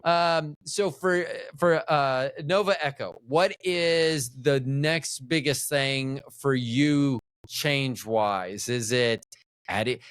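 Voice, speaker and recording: A man's voice: medium pitch, takes it slowly, few pauses, a bit bright, clear, resonant tone, no room sound, clean studio sound. A middle-aged American man hosting a casual interview, thinking aloud and rambling with frequent restarts. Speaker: podcast host.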